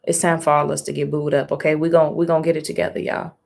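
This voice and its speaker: A woman with a fairly low voice reacts live as she reads a comic to her stream. She exclaims and swears freely, talks straight to her viewers, and reads the characters' lines aloud between her own comments. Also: little pitch movement, quick pace, gravelly, a little mellow. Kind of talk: casual live reading and reaction.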